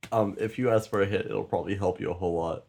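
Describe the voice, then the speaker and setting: A young man with a deep voice and a rough, husky edge jokes and teases his friends through a quote-guessing game. His delivery stays relaxed and playful. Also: fast. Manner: teasing, joking. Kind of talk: casual banter during a drinking game.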